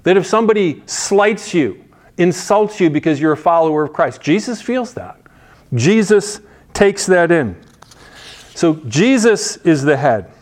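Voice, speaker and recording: Male preacher, slightly high voice, chatty sermon delivery, emphatic asides. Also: expressive, a little slow. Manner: casual and emphatic, with frequent restarts and asides. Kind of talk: conversational sermon.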